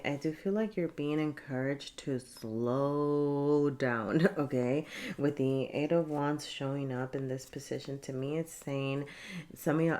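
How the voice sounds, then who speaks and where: A woman's voice: rumbling low, darkish tone. A woman giving a casual tarot reading, chatty and laughing often, with many fillers. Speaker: tarot reader.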